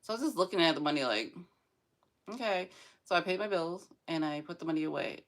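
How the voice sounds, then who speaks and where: Young woman rambling to camera, kinda gravelly, laughy and teary. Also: low voice, expressive, very fast. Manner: rambling, emotional, tearful laughing confessions. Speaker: vlogger. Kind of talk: casual chat.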